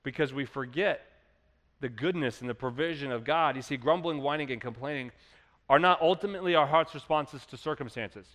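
A man preaching a sermon as pastor, animated, acting out quoted complainers in a raised voice. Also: mid-range voice, brisk, in a large hall.

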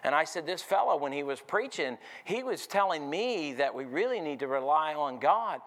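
A man's voice: fairly high pitch, animated, normal speed, fairly bright tone. A man preaching a sermon, telling a story full of "I said" and calling "amen?" to the congregation. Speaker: pastor.

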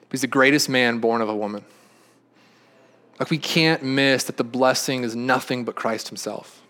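A man preaching a sermon as pastor, earnest, often repeating and restarting phrases, swinging from emphatic peaks to quiet, soft statements. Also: mid-range voice, moderate pace.

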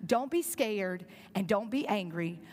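A woman's voice: medium pitch, expressive, measured pace, a little mellow, voice pushed down. A woman voicing a powerful man who tenderly forgives his brothers, within a sermon. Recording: long reverb in a large hall.

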